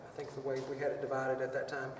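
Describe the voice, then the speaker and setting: Speaking fast and in a monotone, a medium-pitched man leads kids through a choir workshop, chatty and digressive, with playful vocal demonstrations. The recording is distant and echoey, from a hall, with slight background noise.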